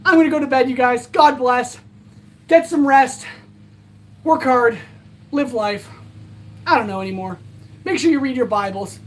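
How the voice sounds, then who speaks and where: A woman's voice: high-pitched, moderate pace, long pauses. A woman hosting a livestream, chatting casually and thanking her viewers in a rambling, earnest way while tired and out of breath. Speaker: livestream host. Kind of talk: casual livestream sign-off chat.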